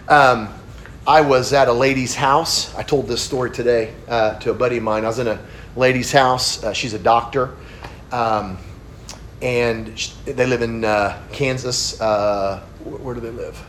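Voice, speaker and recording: A male preacher in his forties delivers a sermon in a mid-pitched voice, swinging from loud emphatic peaks down to hushed storytelling. He talks casually and restarts his sentences often. Faint noise sits under the recording. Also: unhurried. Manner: animated, rising loud when stressing a point, dropping low and quiet for the story; casual, says dude and man, many restarts.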